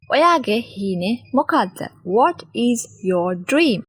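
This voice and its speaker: Young female teacher, native Sinhala speaker; slow, patient delivery that repeats each word; animated pitch; dry, close sound. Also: slightly rough, no room sound. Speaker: language teacher. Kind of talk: slow, clear vocabulary lesson.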